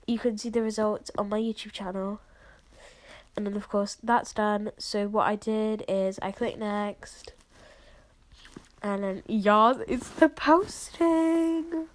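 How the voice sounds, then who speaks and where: Coughing sick woman, chatty vlog. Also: medium pitch. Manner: chatty and apologetic, lots of fillers. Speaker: video creator showing her editing process. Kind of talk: casual screen-recording walkthrough.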